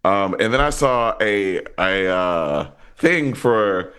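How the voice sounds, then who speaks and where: A man with a fairly low voice chats on a movie podcast. He rambles through his story and often restarts his sentences. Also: animated, slow, fairly bright tone, smooth. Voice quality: rambling, many restarts and fillers. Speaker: podcast co-host. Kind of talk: casual movie podcast chat.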